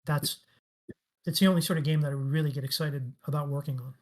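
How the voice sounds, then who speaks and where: A man's voice: a little high, steady tone, fast, a little mellow. A middle-aged man talking as a guest in a casual interview, telling stories enthusiastically and with emphasis. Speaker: guest, game industry veteran.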